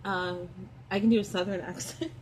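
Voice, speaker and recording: A woman co-hosting a podcast in casual chat, low-key with short replies. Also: fairly even intonation, normal speed, slight background noise. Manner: low-key, brief replies, laughs softly. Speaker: podcast co-host.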